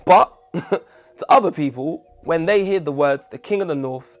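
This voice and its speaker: A man's voice: on the high side, measured pace. A man hosting a casual commentary video, jokey and self-deprecating, full of chatty asides. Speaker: video essay host.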